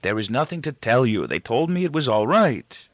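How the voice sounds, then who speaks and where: A man reading as a soft, husky, worried old father. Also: mid-range voice, big pitch swings, normal speed, dry recording, pitched above the performer's own voice, close to an everyday voice. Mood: anxious, soothing. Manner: formal, careful phrasing with hesitations. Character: soft-spoken, frail, worried gray-haired father. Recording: dull, dry lo-fi recording.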